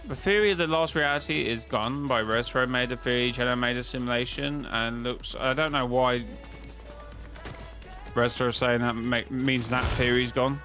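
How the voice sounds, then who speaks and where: Brief: male streamer, bright and forceful tone, rambling casual chat with faint music under it. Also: medium pitch, fairly even intonation, moderate pace. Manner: rambling, talks to chat, frequent restarts and self-corrections. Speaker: streamer discussing game-lore theories.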